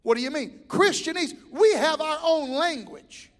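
A man preaching in a church, his voice unusually high. He talks in a folksy way and climbs into shouted builds. The sound carries a long hall reverb. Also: expressive, measured pace. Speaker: pastor. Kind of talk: sermon. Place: church sanctuary.

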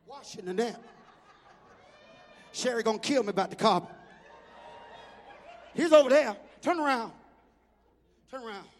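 Shouting preacher man, very high gravelly voice, big hall reverb. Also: expressive, unhurried, long pauses. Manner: shouting, rhythmic. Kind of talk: storytelling sermon.

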